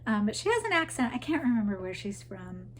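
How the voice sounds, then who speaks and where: A woman's voice: on the high side, very animated, brisk, slight background noise. A woman hosting a crochet podcast, chatting casually to camera about her projects, rambling with asides to viewers. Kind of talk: casual show-and-tell chat to camera.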